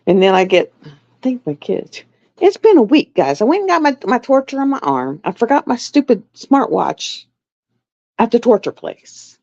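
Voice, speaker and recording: A woman's voice: a little high, very animated, normal speed, a little mellow. A middle-aged woman hosting a livestream, chatting casually and rambling through stories while she sews. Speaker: livestream host. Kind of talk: casual chat while sewing. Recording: dull lo-fi dry sound.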